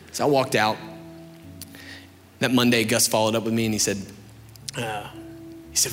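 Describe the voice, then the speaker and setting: A young man preaching and telling his own story in a casual, animated way, with lots of "like" and "you know". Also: medium pitch, brisk, long pauses, in a large hall, soft background music. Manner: conversational, animated storytelling with many fillers. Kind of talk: sermon with personal testimony.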